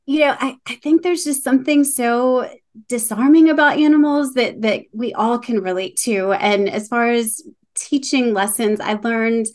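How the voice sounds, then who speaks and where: A woman's voice: fairly high pitch, normal speed, darkish tone. Chatty woman on a video call. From North Carolina. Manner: chatty, laughs often, self-deprecating. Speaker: author guest. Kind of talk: casual interview chat.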